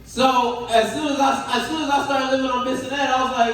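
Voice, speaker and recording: A man's voice: very high voice, steady tone, fairly quick, hardly any pauses, a bit bright. A young man from the Caribbean doing a loose, profane stand-up set, chuckling at his own jokes on a comedy club stage. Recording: echoey club from far off, faint noise.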